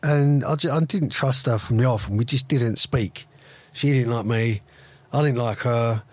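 A podcast co-host with a medium-pitched voice chats casually at normal speed, cracking crude jokes and laughing often. The recording is dry.

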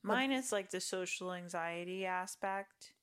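A woman's voice: on the low side, measured pace, fairly bright tone, clean tone. A woman co-hosting a podcast in casual chat, playful and teasing. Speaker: podcast co-host.

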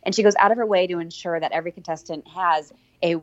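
A woman with a lowish voice co-hosts a podcast, upbeat and casual as she talks straight to her listeners. The sound is dry and a bit muffled. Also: quick pace, no echo. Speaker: podcast co-host.

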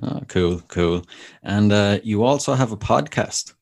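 Deep-voiced podcast host man. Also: animated, a little slow, vocal fry, darkish tone. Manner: brief encouraging replies and questions. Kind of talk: casual interview.

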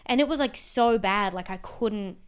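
A woman comedian co-hosting a casual chat, telling stories in an animated, rambling way, full of "like". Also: mid-range voice, moderate pace, clean tone. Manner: animated, rambling storyteller with many "like"s. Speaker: comedian and podcast co-host.

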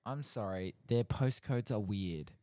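A man's voice: fairly low pitch, a little slow, warm tone, no echo, studio quality. An Australian man co-hosting a podcast, teasing and quizzing his co-host in casual chat.

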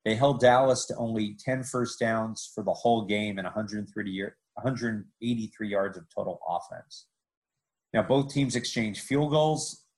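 A man hosting a podcast, narrating sports history in a lively way with joking asides. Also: on the low side, rough recording.

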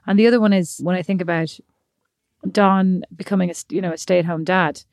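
A woman co-hosting a podcast with a lowish voice, thinking aloud and teasing. The sound is close and dry, with no room around it. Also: steady tone, a little fast, a little mellow, no echo. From Ireland. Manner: reflective and teasing, with many fillers. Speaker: podcast co-host. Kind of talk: casual chat.

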